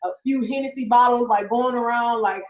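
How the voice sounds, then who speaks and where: A young woman rapper chats casually in an interview, laughing often and saying "like" constantly. Her voice is fairly high and brisk, with background noise and a roomy echo in the recording.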